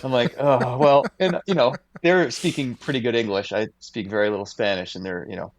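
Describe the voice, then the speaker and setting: A man's voice: on the low side, brisk, dry recording. A man co-hosting a podcast, telling a long anecdote in a rambling way with many fillers. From United States. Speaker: podcast co-host. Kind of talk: casual podcast storytelling. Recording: dull lo-fi dry audio.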